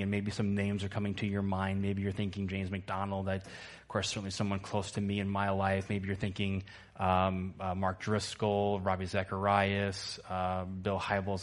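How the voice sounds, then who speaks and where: Emphatic male pastor preaching a sermon. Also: deep voice. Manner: emphatic, repetitive, calls on congregation to respond. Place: church, before congregation.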